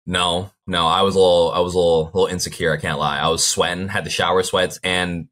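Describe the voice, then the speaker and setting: A man's voice: low-pitched, flat delivery, fast talker, fairly bright tone. A young man as an interview guest, talking in a laid-back way, full of fillers and "like". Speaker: guest athlete. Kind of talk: casual interview chat.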